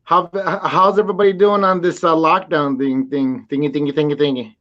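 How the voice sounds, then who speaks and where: A man joining a live stream as a guest, excitable and stammering, laughing through his stories. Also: on the high side, fairly quick. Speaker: viewer guest. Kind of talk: casual live stream chat. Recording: dull lo-fi stream audio.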